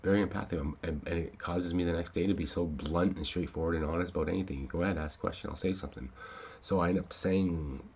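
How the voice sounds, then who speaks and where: A man's voice: deep voice, steady tone, quick pace, gravelly, a little mellow, breathy edge. A man hosting a casual talk show, rambling with many fillers and restarts and swearing when upset. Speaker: podcast host.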